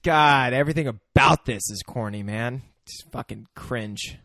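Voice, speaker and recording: A man with a gravelly, fry-edged voice chats casually on a podcast, tossing in short, mocking remarks. His pitch sits mid-range, and the sound is dry and close. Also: a little slow, fairly bright tone, no echo. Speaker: podcast co-host. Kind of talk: casual chat.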